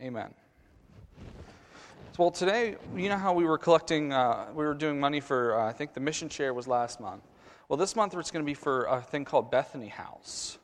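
A man leading a children's message in a church sanctuary, coaxing the kids through a little skit and then a short prayer. His fairly high voice carries a long church reverb. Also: animated, fairly quick. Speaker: children's sermon leader.

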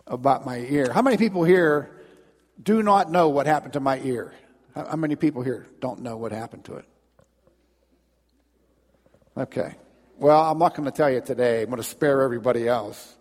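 A male pastor preaching and storytelling to his congregation, building emphasis and restarting phrases as he goes. His mid-pitched voice carries with a long reverb through a church sanctuary. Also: a little fast, darkish tone. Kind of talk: sermon.

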